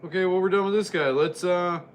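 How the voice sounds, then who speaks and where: A man's voice: high voice, a little fast, slight background noise. A man casually commenting on old wrestling as he watches, rambling and joking. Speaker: wrestling reviewer.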